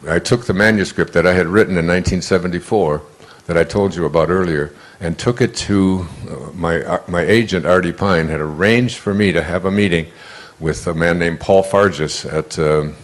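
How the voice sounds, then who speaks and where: An older man speaks from a lecture stage in a somewhat low voice. He tells stories in a loose, conversational way, repeating and restarting his words as he goes. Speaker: motivational speaker. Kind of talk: storytelling lecture.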